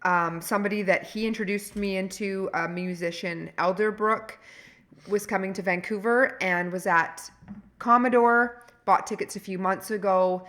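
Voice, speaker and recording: A woman co-hosts a casual podcast, her voice bright and forward. She tells stories in an animated, rambling way, circling back and restarting her sentences as she goes. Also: medium pitch, normal speed. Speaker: podcast co-host. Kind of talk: casual chat.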